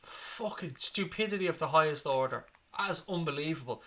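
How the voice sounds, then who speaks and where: Speaking a little fast in a slightly high, animated voice with a bit of brightness, a football fan channel host leads a live watchalong. He reacts to the match bluntly and swears freely while walking his viewers through it.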